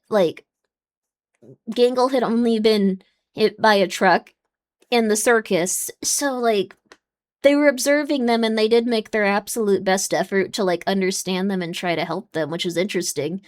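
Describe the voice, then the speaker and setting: A young woman hosting a live-stream watchalong, chatting casually with her viewers, rambling with lots of fillers and getting exasperated at times. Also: mid-range voice. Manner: rambling, many "like" and "um" fillers, gets loud and exasperated.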